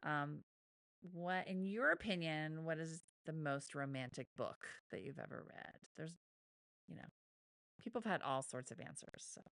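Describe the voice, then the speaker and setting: A woman's voice: low voice, normal speed, creaky, a bit bright, no room sound, clean studio sound. A woman co-hosting a podcast, asking guests questions in an encouraging, friendly way. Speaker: podcast co-host. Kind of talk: casual interview chat.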